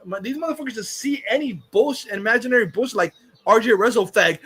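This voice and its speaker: High bright-voiced ranting man. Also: lively intonation, fast talker, breathy edge. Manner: profane, insulting, heated. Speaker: livestream host. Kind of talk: casual profane rant.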